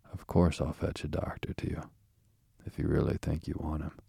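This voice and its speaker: A man's voice: very deep voice, little pitch movement, vocal fry, mellow, husky, no room sound, studio quality, heavily acted. A man reading the part of a cheerful, practical water rat who talks heartily to his friend. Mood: hearty. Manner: hearty, brisk.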